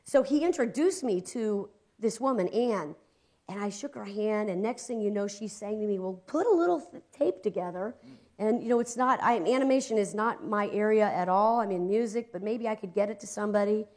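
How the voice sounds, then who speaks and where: A woman from Ohio, a guest in casual conversation, telling stories with lively energy and frequent laughter. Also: mid-range voice, brisk. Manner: animated storyteller, voices quotes, laughs a lot. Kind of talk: casual chat, storytelling.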